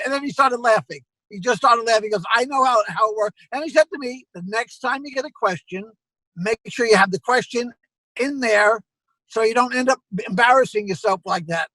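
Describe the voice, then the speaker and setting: A man's voice: extremely high pitch, brisk, no room sound, low-quality recording. A man who owns a comedy club, telling anecdotes as a guest and acting out the exchanges he recalls. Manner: animated storyteller acting out quoted exchanges.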